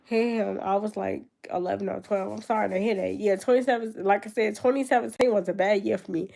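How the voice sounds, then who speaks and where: Young woman vlogger, home room, gravelly fry, loose reflective chat. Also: medium pitch, steady tone, brisk, dark tone. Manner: reflective, loose and conversational, many fillers. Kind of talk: casual talk to camera. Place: her grandmother's room at home.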